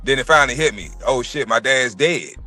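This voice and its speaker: Profane, animated storytelling man. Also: mid-range voice, a little fast, soft background music. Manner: profane, animated storytelling, acts out quoted voices. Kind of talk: casual storytelling chat.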